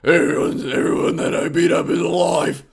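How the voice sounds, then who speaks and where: A man voicing a grim, terse male masked vigilante in a lowered, gruff voice. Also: flat delivery, normal speed, exaggerated voice. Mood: stern.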